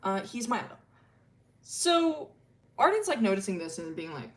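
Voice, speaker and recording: A woman's voice: medium pitch, very animated, normal speed. Rambling woman streamer, swearing casually. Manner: rambling, filler-heavy, swears freely, laughs often. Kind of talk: casual storytelling about original characters. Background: faint music.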